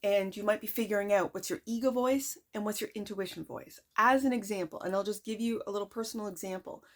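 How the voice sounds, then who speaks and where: A woman giving a tarot reading to camera in an excited, emphatic way. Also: mid-range voice, quick pace. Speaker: tarot card reader.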